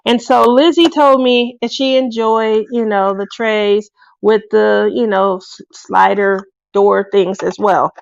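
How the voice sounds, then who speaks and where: A woman's voice: medium pitch, steady tone, slow pace, creaky, no echo, dull audio. A woman hosting a craft video, chatting casually to her viewers and laughing often. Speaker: craft channel host.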